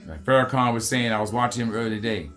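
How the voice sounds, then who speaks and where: A man's voice: medium pitch, expressive, fast talker, fairly bright tone, faint music behind. A man from the United States hosting a heated political commentary rant, swearing often and repeating "you know what I mean". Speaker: commentary host.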